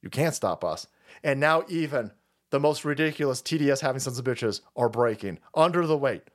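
A man's voice: mid-range voice, brisk. A man ranting on a political livestream, profane and mocking, often breaking into laughter. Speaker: political commentary streamer. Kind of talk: livestream rant.

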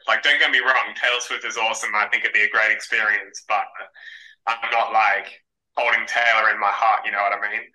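A man's voice: lowish voice, sharp tone, rough recording. A man, a podcast guest, answering quiz questions in an easygoing, joking way. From Australia. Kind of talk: casual chat.

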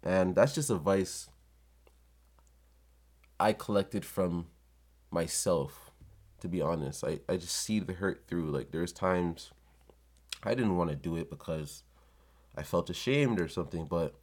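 A man's voice: low voice, measured pace, pauses often, a little mellow. A man talking casually and bluntly, giving street-wise motivational advice in a monologue.

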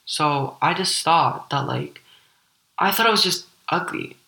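A teenage girl from Ukraine with a deep voice, hosting a personal podcast and telling her story in a candid, rambling way full of "like" fillers. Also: lively intonation, unhurried, vocal fry, sharp tone, echoey room, low-quality recording. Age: teens. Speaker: podcast host.

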